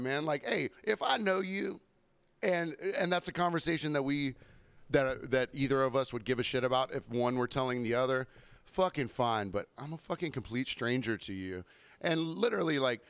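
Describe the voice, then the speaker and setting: Smooth-voiced man ranting casually. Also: fairly high pitch, lively intonation, moderate pace, a bit bright, no echo. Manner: profane, rambling, exasperated. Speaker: podcast host. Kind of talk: casual storytelling monologue.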